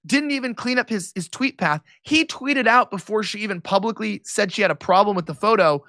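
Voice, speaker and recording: A man being interviewed about politics, his voice pitched high for a man and cutting with a bright, forceful edge. He talks fast and sarcastically, with a mocking tone. The sound is dry and close, with no room around it. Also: dry recording. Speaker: political commentator, interview guest. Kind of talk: animated interview talk.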